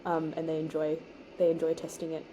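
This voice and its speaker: A young woman chatting casually while baking, chatty and quick to laugh, with lively emphasis. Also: sits low, low-quality recording. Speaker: home baker and co-host. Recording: noticeable background noise.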